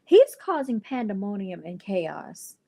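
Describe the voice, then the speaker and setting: A woman's voice: mid-range voice, very animated, measured pace, vocal fry, mellow. Chatty exasperated woman livestream host. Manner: chatty, exasperated asides to viewers. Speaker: channel host and clothing brand founder. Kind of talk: casual livestream commentary.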